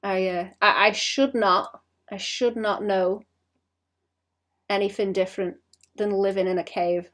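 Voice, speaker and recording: A British woman chats casually while drawing on stream, rambling, mocking herself, and often trailing off into mutters. Her voice is medium-pitched and fairly bright, with fairly even intonation, a slightly slow pace, and long pauses.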